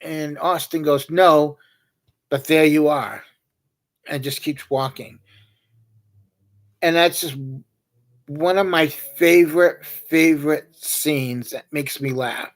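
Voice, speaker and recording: A man's voice: on the high side, steady tone, takes it slowly. A man hosting a livestream, chatting casually and telling meandering, joking anecdotes. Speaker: livestream host. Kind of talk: casual rambling chat.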